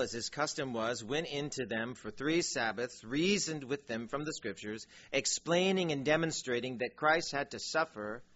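Joking pastor preaching a sermon. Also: male voice, mid-range voice, muffled recording. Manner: animated storytelling, acts out voices, joking asides.

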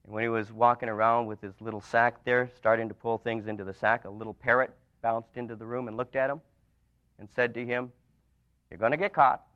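A man preaching a sermon, telling stories and dropping to soft, emphatic lines. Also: medium pitch, little pitch movement, fairly quick, smooth, no echo. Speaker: pastor. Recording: dull lo-fi recording.

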